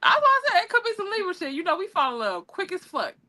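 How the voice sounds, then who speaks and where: A woman co-hosting a podcast, chatting casually in an animated, slangy way. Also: extremely high pitch, fast, a crowd in the background. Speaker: podcast co-host. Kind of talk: casual chat.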